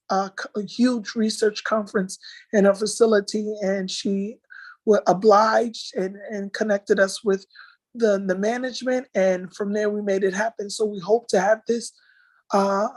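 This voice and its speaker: A woman's voice: mid-range voice, no echo, poor audio. Emotional woman recapping an event. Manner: halting, many fillers and restarts, emotional. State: tearful at times. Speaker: nursing association organizer presenting slides. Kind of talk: casual spoken slideshow recap.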